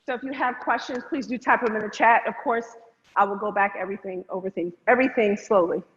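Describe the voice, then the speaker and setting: A woman's voice: mid-range voice, quick pace. A woman teaching an online hip hop dance class, upbeat and counting beats aloud. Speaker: dance instructor. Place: room, virtual class. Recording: echoey, dull lo-fi sound with faint noise.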